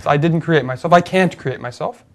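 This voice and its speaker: In a laid-back talk show discussion, a male co-host with a fairly high, gravelly voice takes the lead. He reasons through his point step by step, stopping on fillers and restarting sentences as he thinks it out.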